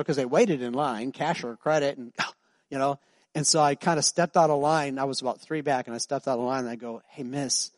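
A man preaching a sermon, telling a story and building to loud, emphatic preaching. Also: on the high side, no echo, studio quality. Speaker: pastor.

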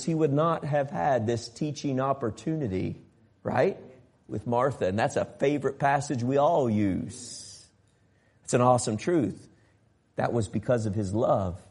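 A man preaching a sermon, swinging from loud emphatic passages to quiet soft ones and acting out the voices of Bible figures. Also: mid-range voice, moderate pace. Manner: acts out biblical voices in an exaggerated tone. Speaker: pastor.

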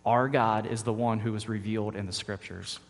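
A man's voice: on the low side, fairly even intonation, a little fast. A man, a father, preaching a sermon as pastor, earnest and repeating key phrases for emphasis. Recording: long reverb of a large hall.

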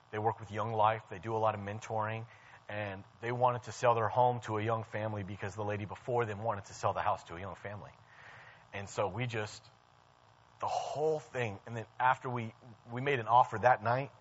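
A man's voice: mid-range voice, fairly bright tone. A young man preaching a sermon in a conversational storytelling way, often restarting his sentences. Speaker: church staff preacher. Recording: dull lo-fi sound.

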